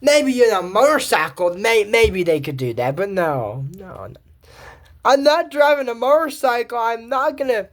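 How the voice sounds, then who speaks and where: Animated rambling commentator, lively pitch. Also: measured pace. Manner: rambling, animated, frequent asides and restarts. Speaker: cartoon recap commentator.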